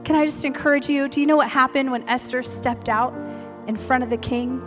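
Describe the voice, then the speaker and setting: High-voiced woman preaching earnestly. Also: steady tone, a little fast, music in the background. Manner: earnest, emphatic, repeats key phrases; acts out quoted voices in storytelling. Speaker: preacher and realtor. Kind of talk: sermon with personal story.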